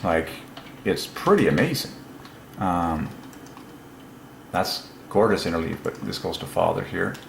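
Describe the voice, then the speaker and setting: Man, gravelly voice, excited solo musing, lapel mic, echoey room. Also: low voice, unhurried, pauses often, slight background noise. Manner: excited, laughing, musing aloud. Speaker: religious channel host. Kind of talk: solo casual commentary.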